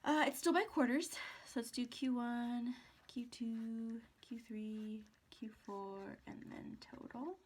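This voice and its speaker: A woman's voice: fairly high pitch, steady tone, slow, slight background noise. A woman professor giving a recorded accounting lecture in a chatty way, asking rhetorical questions and muttering to herself while she writes.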